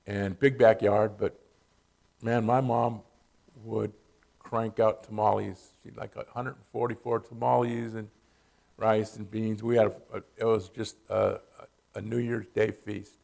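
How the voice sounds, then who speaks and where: Low, gravelly man telling family stories. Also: level tone, measured pace, a little mellow. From Southern California. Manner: casual, conversational, says "man" often. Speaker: church speaker. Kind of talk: personal storytelling at church.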